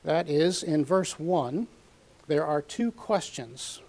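A man teaching a sermon from a Bible passage, measured and methodical, reading scripture aloud with emphasis. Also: on the high side, expressive, a little mellow. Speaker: preacher.

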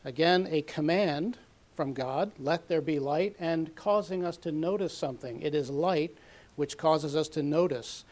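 Methodical male Bible teacher, slightly high voice. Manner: measured, methodical, reads scripture aloud with emphasis. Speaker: preacher.

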